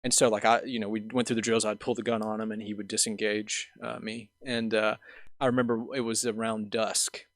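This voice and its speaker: A man's voice: lowish voice, level tone, brisk, no echo. A man hosting a podcast, telling a long story in a casual, rambling way full of fillers and restarts. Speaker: podcast host.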